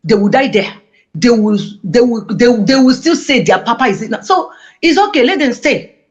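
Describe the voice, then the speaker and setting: A woman giving an emotional interview, speaking passionately and halting with many restarts. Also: a little high, lively intonation. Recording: dull lo-fi audio.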